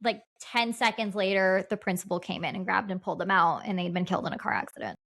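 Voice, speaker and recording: A woman's voice: medium pitch, quick pace, gravelly, fairly bright tone. A woman with a mid-range voice talks casually as a podcast guest. She tells her experiences earnestly and plainly, often restarting her sentences. Her tone stays conversational and direct. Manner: earnest, matter-of-fact storytelling with restarts. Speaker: paranormal investigator guest.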